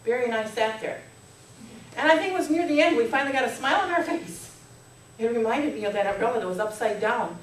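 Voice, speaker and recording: A middle-aged woman with a fairly high, animated voice speaks at a quick pace, giving a humorous contest speech in a meeting hall. She's playful and leads the audience in jokes and laughter. The recording is echoey and distant, with faint noise.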